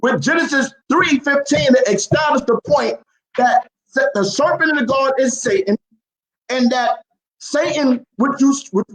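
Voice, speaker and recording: A man's voice: very high-pitched, normal speed, roomy sound, rough recording. A man in a heated religious debate, quoting scripture and repeating his points insistently.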